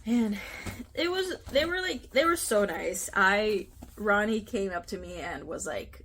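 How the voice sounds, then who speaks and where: A woman's voice: medium pitch, very animated, unhurried, a bit bright, a little hiss or hum. A woman from the United States chatting casually to camera about her craft trip, talkative and giggly, with lots of fillers. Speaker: cross-stitch vlogger.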